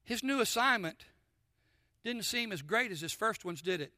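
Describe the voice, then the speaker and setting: Speaking with lively intonation at a moderate pace, a pastor delivers a sermon in a church sanctuary, his voice high, sharp and bright. He quizzes the congregation call-and-response style and shifts between booming emphasis and hushed near-whispers, captured in a close, dry recording.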